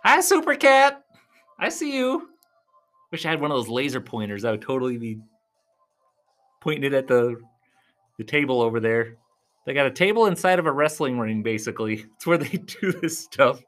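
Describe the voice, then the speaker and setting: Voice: brisk, soft background music. A vlogger giving casual play-by-play commentary at a live event, chatty and laughing often. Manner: chatty, laughs often, lively swings in pitch. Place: at a live arm-wrestling event.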